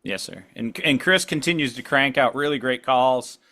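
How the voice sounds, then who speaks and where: A man hosting a podcast interview in casual chat, upbeat, laughing often and talking in quick bursts. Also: mid-range voice, pushed and bright. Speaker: podcast host.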